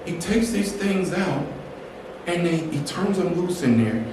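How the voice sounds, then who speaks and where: A man's voice: high-pitched, measured pace. A man telling a funny personal story to an audience, acting out the people in it with laughter. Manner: animated, acts out the people in his story with laughs. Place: storytelling event room. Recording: echoey room, voice from far off, ambient noise.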